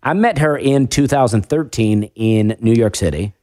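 A man's voice: medium pitch, moderate pace, a little mellow, dry recording, studio quality. A man with a faint Southern accent, a stand-up comedian talking casually on a podcast, rambling and self-deprecating with lots of restarts. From American South.

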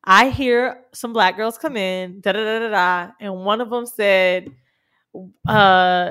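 A woman co-hosting a casual chat podcast, telling profane stories with animated impressions. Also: mid-range voice, unhurried, clear, resonant tone. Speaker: podcast co-host. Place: home recording during quarantine.

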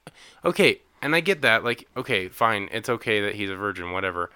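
A man co-hosting a casual movie-recap podcast, incredulous and animated, swearing and acting out characters' lines. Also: lowish voice, brisk, clear, resonant tone, no room sound. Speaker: podcast co-host.

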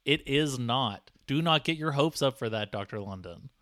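A man's voice: mid-range voice, expressive, moderate pace, fairly bright tone, no room sound, clean studio sound. Teasing man co-hosting a comedy podcast. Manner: teasing, mock-exasperated, lots of fillers. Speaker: podcast co-host. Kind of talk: improvised comedy podcast banter.

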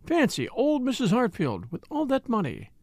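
A man reading an audiobook, voicing an excitable, chatty middle-aged wife with a gushing manner. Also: sits high, normal speed, no room sound, heavily acted. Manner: gushing, exclamatory.

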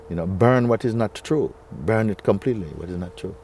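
A man with a low voice leads a spiritual talk for a gathering. His tone is dark and mellow. He speaks slowly and coaxingly, with soft chuckles and frequent checks of "you see?". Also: animated, a little hiss or hum. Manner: unhurried, coaxing, often asks "you see?". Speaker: spiritual teacher.

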